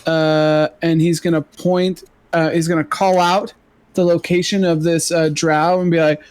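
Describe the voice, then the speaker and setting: Player, male, slightly high voice, slow and hesitant, dry close sound. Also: flat delivery, darkish tone, no room sound. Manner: slow, hesitant, many fillers. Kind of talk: tabletop game play.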